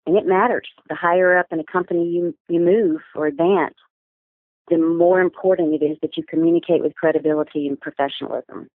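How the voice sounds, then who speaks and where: A woman, a business communication coach and interview guest, explains her points in an articulate, measured, instructive way. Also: on the low side, steady tone, dry recording. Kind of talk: interview answers. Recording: tinny phone-line sound.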